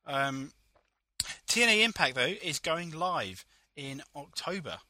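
A man's voice: a little high, animated, a little slow, bright, forceful tone, no room sound. A young man co-hosting a podcast in casual, rambling chat, laughing often. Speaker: podcast co-host.

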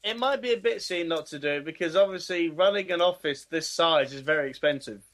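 A man's voice: on the high side, a little fast, a bit bright. A young man co-hosting a podcast, trading dry, joking banter in casual chat. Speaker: podcast co-host.

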